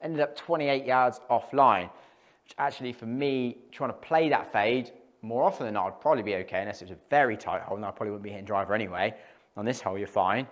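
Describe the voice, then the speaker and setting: A man's voice: on the low side, quick pace, muffled recording. A man talking casually between shots as he tests golf clubs in an indoor studio, thinking aloud and reacting to each hit. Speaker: golf club tester. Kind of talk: casual hitting commentary.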